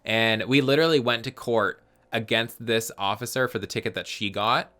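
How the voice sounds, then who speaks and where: A man in his twenties, co-hosting a podcast, telling stories in casual chat with lively swearing. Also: medium pitch, moderate pace. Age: 20s. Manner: animated storytelling, swears freely. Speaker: podcast co-host.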